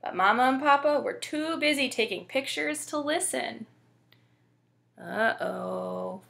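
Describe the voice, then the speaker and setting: A woman librarian reading a children's picture book aloud in an expressive, playful way. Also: high voice, normal speed, creaky.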